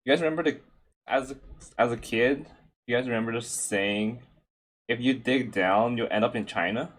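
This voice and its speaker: A man's voice: medium pitch, moderate pace. A laid-back man hosting a casual group podcast, putting questions to his guests. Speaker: podcast host.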